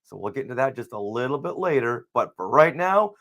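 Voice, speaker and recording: A man's voice: mid-range voice, sing-song, a little fast, a bit bright. A man hosting a live podcast, talking in a jokey, playful, teasing way. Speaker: podcast host. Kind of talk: casual live podcast chat. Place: home recording setup in Long Beach, California. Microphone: podcast microphone.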